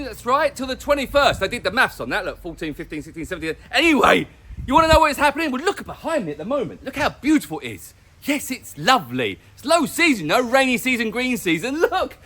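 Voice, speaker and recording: Extremely high-pitched, with big swings in pitch, this man talks briskly in a pushed, bright voice. He hosts a casual weather update vlog outdoors in his garden, joking playfully and chatting directly to the viewer.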